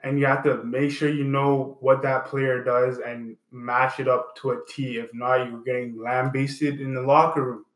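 A man's voice: medium pitch, flat delivery, normal speed, hardly any pauses, fairly bright tone. A man hosting a casual sports debate show, talking in an emphatic, opinionated way with a joking edge. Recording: roomy echo.

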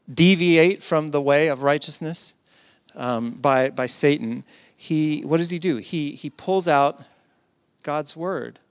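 A man delivers a sermon with earnest conviction. His voice sits a little high for a man, and he leans on rhetorical questions, sometimes sinking to a hush. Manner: earnest, with rhetorical questions and soft hushed passages. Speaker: pastor.

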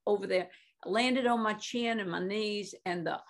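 A woman's voice: mid-range voice, moderate pace. A woman in her eighties, a Christian minister and guest, telling stories in conversation with many fillers and frequent laughs. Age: 80s. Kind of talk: animated storytelling in conversation.

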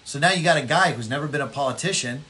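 A man co-hosting a casual political chat podcast, telling stories in a rambling way and doing quick voices for the people in them. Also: a little high. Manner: rambling, animated storytelling with voiced impressions. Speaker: podcast co-host.

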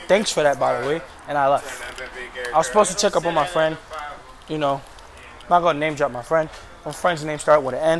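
A man's voice: fairly high pitch, a little hiss or hum. A young man telling a story about his week in a casual, slangy, venting way, recorded outdoors. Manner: slangy, venting, frank and animated. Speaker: vlogger. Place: outdoors, in and around a car.

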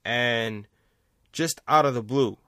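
A man's voice: mid-range voice, slow pace, a bit bright, no room sound, clean studio sound. A man hosting a sports vlog, ranting casually with heavy swearing and repeating his points for emphasis. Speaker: sports commentator, vlog host.

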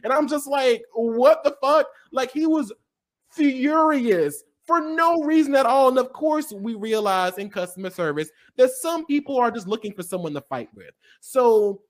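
A man's voice: very high-pitched, moderate pace. Laughing, profane young man co-hosting. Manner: profane, laughing, animated storyteller. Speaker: co-host. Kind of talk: casual podcast chat.

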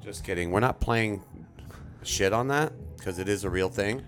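A man's voice: fairly low pitch, normal speed, a bit bright, soft background music. A man co-hosting a live radio podcast, ranting with passion and plenty of swearing. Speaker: podcast co-host. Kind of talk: casual radio chat.

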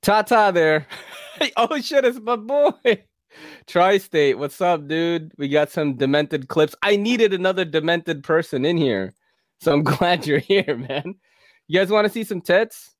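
A man's voice: fairly high pitch, animated, a little slow, dry recording, studio quality. A man hosting a casual livestream, chatting loosely, swearing and laughing as he plays clips. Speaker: livestream host.

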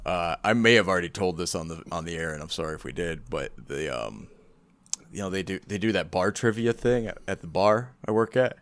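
A man's voice: low voice, a little fast, fairly bright tone, dry recording. A man co-hosting a podcast, telling a story in casual, rambling chat full of swearing. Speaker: podcast co-host.

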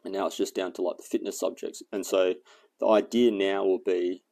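A man with a very low, gravelly voice talks casually in a vlog, rambling through a story and his plans, stopping often for fillers. His tone is dark and mellow, and he thinks out loud as he goes. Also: flat delivery, a little fast. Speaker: fitness and survival vlogger.

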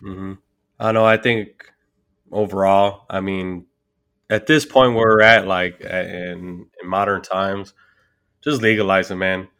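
A veteran man sharing his opinion in casual podcast talk, halting and full of fillers. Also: deep voice, steady tone, a bit bright, clean tone. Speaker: military veteran podcast guest.

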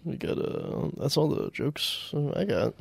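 Gravelly, husky young man joking around. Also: fairly high pitch, very animated, a little slow, darkish tone, no echo. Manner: joking, mock-announcer plugs. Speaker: podcast co-host and stand-up comic. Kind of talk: casual comedic banter.

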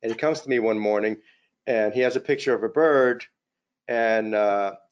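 Guest CEO, middle-aged man, average pitch, modest rambling storyteller, slightly muffled recording. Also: moderate pace. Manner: modest, anecdotal, many fillers and "you know". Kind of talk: casual interview storytelling. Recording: slightly dull lo-fi audio.

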